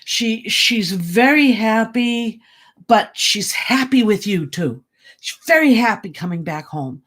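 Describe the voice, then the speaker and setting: A woman psychic giving live readings in a halting, casual way, with many fillers and repeated words. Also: fairly high pitch, expressive, a bit bright. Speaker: psychic medium. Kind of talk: livestream reading, casual chat.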